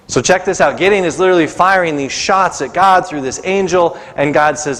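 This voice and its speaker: A man's voice: mid-range voice, expressive, normal speed, fairly bright tone. Man preaching in a reverberant church. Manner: conversational preaching, acts out quoted voices. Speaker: pastor. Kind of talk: sermon. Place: church sanctuary.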